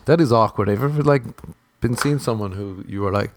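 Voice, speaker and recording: Irish male stand-up, sweary ranting delivery, lower voice, close and dry. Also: quick pace, no echo. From Ireland. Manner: profane, ranting, acts out voices. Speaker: stand-up comedian. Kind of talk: stand-up comedy.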